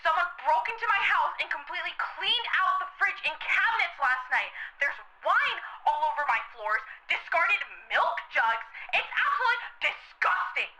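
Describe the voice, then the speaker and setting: An indignant female caller complains in a very high, lively voice. She sounds demanding and clipped, with clear noise under the line like game phone audio. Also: moderate pace, few pauses.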